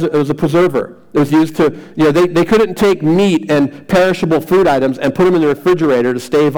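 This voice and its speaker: A man's voice: fairly high pitch, darkish tone, rough recording. A middle-aged man preaching a sermon as a pastor, earnest and repetitive, often restarting phrases.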